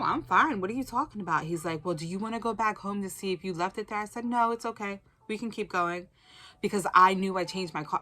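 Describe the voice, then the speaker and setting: Low-voiced woman telling her testimony. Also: a bit bright. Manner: storytelling, acting out quotes, many "like"s. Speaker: person giving a testimony. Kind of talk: casual spoken testimony.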